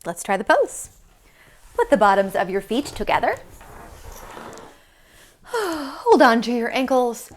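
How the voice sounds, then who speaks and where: A woman's voice: fairly high pitch, sing-song, takes it slowly, long pauses. A young woman teaching yoga to young children in a sing-song, encouraging way. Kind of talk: leading a kids' yoga class.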